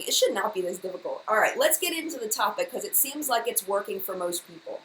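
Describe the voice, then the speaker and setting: A woman's voice: mid-range voice, lively intonation, quick pace, hardly any pauses, fairly bright tone. A young adult woman hosting a casual live-stream chat as a beauty YouTuber, talking in a flustered, chatty and apologetic way. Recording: echoey room with faint background hiss.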